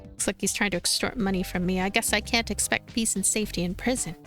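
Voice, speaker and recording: A woman's voice: mid-range voice, fairly even intonation, fast, sharp tone, soft background music. A woman hosting a let's play, chatty and amused in casual gameplay commentary.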